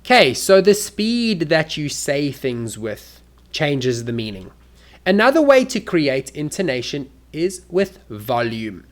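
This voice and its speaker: Slow, lively English teacher. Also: mid-range voice. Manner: clear, deliberate teaching delivery with exaggerated spoken examples. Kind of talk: English lesson for learners.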